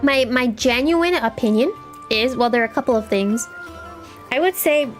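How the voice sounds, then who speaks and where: A woman's voice: fairly high pitch, moderate pace, faint music behind. A young woman streaming a game live, chatting with her viewers in a playful, teasing way.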